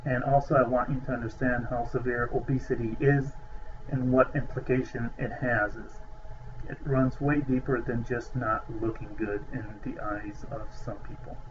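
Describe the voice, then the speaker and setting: A man's voice: mid-range voice, highs cut off, slight background noise. A man giving a recorded lecture over slides, hesitant with many filler sounds, stressing key terms.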